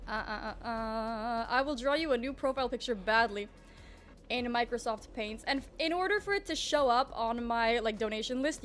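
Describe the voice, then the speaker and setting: A young woman streamer with a groggy morning voice, chatting in a rambling, casual way and greeting her chat. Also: on the high side. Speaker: livestreamer.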